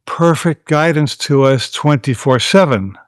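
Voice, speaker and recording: A man, a guest author and teacher, explaining spiritual ideas in a calm, measured way. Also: a little high, dry recording, studio quality. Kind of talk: spiritual conversation.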